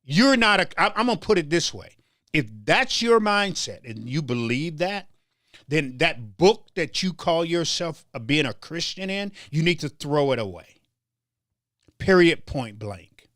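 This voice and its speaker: A man's voice: fairly high pitch, big pitch swings, a little slow, fairly bright tone, no echo, clean studio sound. A man hosting a political talk show, delivering a heated commentary monologue with stammered restarts and a preacher-like rhythm. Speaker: show host.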